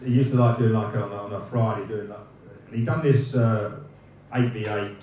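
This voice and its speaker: A man's voice: on the low side, steady tone, normal speed, warm tone, muffled recording, a little hiss or hum. A man in his fifties, a former footballer, telling rambling, laughing anecdotes at a live evening event, swearing freely and restarting his sentences. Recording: roomy echoing room, mic at a distance, faint ambience.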